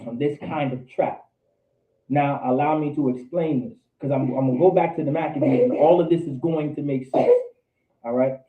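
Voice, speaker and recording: A man teaching a Bible class, quizzing his students and repeating key points for emphasis. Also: mid-range voice. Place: indoor meeting room with a class. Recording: tinny, echoey lo-fi room recording.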